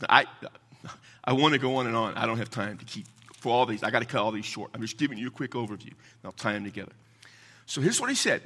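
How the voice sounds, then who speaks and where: A man's voice: on the high side, pushed and bright, slightly rough. A man preaching a sermon in a folksy, conversational way, mixing scripture with casual asides. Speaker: pastor.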